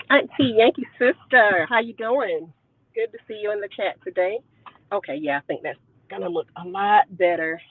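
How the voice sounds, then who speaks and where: Lively woman talking over a tinny headset. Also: a little high, no echo. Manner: playful, greets viewers by name. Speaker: homestead channel host. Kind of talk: casual live-stream chat. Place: inside a car. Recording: tinny phone-like audio.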